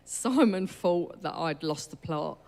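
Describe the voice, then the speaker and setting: A woman's voice: sits low, lively intonation, takes it slowly, gravelly, darkish tone. A woman telling her church testimony in a chatty, storytelling way, acting out the dialogue. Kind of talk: casual spoken testimony. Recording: long hall reverb.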